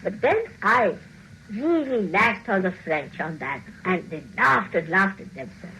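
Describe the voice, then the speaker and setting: On a muffled recording with slight background noise, a woman with a medium-pitched voice speaks in an animated but measured way. As a spiritual teacher, she playfully scolds her followers, breaks into laughter often, and performs the voices of those she quotes.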